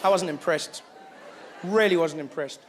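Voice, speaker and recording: Young South African male comic, high light voice, lively self-mocking storyteller. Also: unhurried, a faint crowd, a little hiss or hum. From Johannesburg, South Africa. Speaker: stand-up comedian. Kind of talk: stand-up comedy routine.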